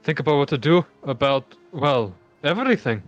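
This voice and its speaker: In a fan reading of game dialogue, a man with a fairly high, expressive voice plays a modest, grateful village fisherman, speaking at a moderate pace with light acting. The mood is earnest and the manner friendly and modest, captured dry on a dull home mic with faint music behind.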